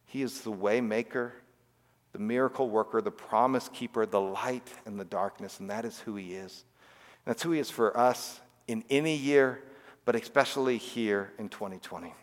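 A man's voice: on the low side, moderate pace, long reverb tail. A man giving a casual, conversational sermon to children, often checking in with "right?". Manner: conversational, frequent "all right?" and "right?" asides. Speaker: pastor.

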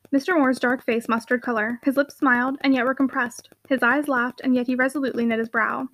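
A woman narrating a classic novel aloud. Her voice is high and her pace quick, and she tells the story in a steady, expressive way. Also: low-quality recording. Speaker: audiobook narrator.

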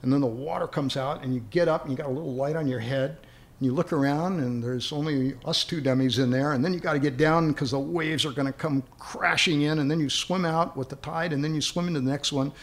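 A man's voice: a little high, fairly even intonation, fairly quick. A man casually telling a long anecdote in a rambling way, often repeating words as he starts a thought. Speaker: guest storyteller.

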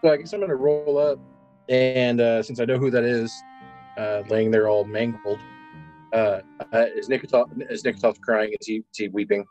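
A man's voice: mid-range voice, steady tone, moderate pace, darkish tone, muffled recording, faint music behind. Hesitant, goofy man playing his character. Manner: hesitant, filler-heavy, goofy. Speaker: player. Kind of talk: in-character tabletop role-play.

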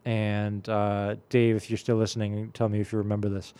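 A man's voice: on the low side, monotone, moderate pace, dark tone, clear, resonant tone. A man in his late forties hosting a radio music show, telling stories in a rambling, casual way full of fillers. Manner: rambling storyteller, many fillers.

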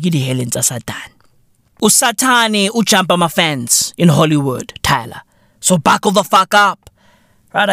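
A South African man hosting a podcast, ranting alone and swearing heavily. He slips local slang and Sesotho phrases into his English and swings from low mutters to loud shouts. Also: no echo, studio quality. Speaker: podcast host. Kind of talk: solo profane rant.

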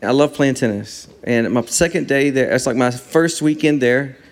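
A man's voice: medium pitch, moderate pace. Man telling laughing stories. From Texas. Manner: laughing, self-deprecating storyteller. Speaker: worship leader guest. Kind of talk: interview chat.

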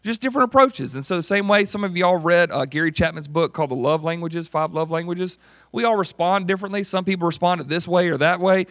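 A man preaching a sermon in a conversational, animated way, often putting questions to the congregation. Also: fairly high pitch, brisk, no room sound, clean studio sound. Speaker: pastor.

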